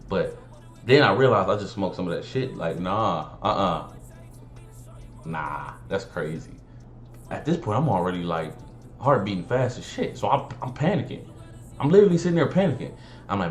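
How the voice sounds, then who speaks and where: A young man with an animated, slangy storytelling manner. He swears freely and acts out the dialogue. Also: fairly low pitch, fairly quick. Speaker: vlogger. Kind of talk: casual storytime monologue. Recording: roomy room, faint music behind.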